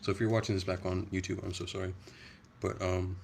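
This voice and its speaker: A young man chats casually on a livestream, rambling along in a soft, low-key way. His voice sits very low with a gravelly fry, and a faint hiss of noise runs underneath. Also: flat delivery, brisk. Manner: soft-spoken, rambling, chatty. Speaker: livestream host.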